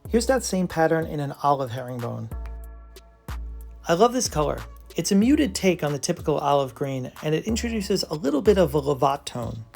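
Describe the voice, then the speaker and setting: A gravelly-voiced presenter narrates from a script at an ordinary mid pitch. The delivery is enthusiastic and admiring throughout. Soft background music plays faintly behind the voice. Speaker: brand presenter.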